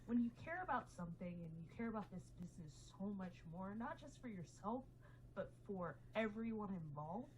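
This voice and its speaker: A woman's voice: medium pitch, very animated, a little fast, darkish tone, slight background noise, poor audio. A woman telling her story candidly as an interview guest, emotional and acting out quotes.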